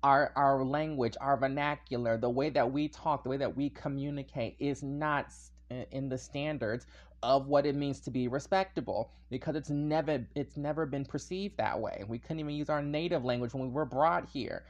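Man, podcast host, casual solo monologue, animated, digressive, laughs often. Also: medium pitch, normal speed, highs cut off. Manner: animated and chatty, wanders into tangents with frequent laughs.

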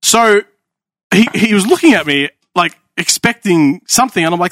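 A man's voice: high voice, a little fast, fairly bright tone, dry recording, studio quality. A man, telling a rambling story in casual chat. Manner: rambling, laughing, restarts.

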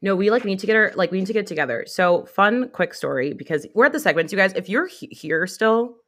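A young woman co-hosting a podcast in casual chat, talking fast and loose with lots of "like" fillers and quoted asides. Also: medium pitch, animated, fairly bright tone. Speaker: podcast co-host.

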